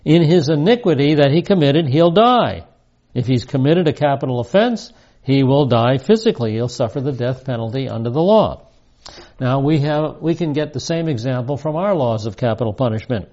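A man's voice: mid-range voice, expressive, normal speed, warm tone. A man in his seventies teaching the Bible verse by verse, reading passages aloud and stressing key phrases emphatically. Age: 70s. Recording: dull lo-fi recording.

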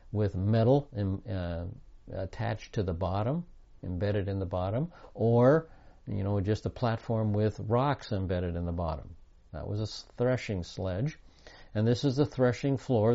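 A man's voice: fairly low pitch, warm tone, highs cut off. A man giving a Bible teaching with slides, reading scripture aloud in an earnest, emphatic way.

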